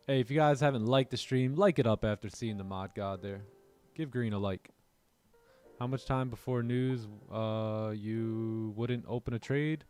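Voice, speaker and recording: A man hosting a casual trading livestream, chatting loosely with viewers and answering their chat messages. He jokes around and laughs often. A faint music bed plays quietly behind his voice. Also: medium pitch, measured pace, clean tone. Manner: joking, laughs often, reads chat aloud. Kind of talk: casual live-stream chat.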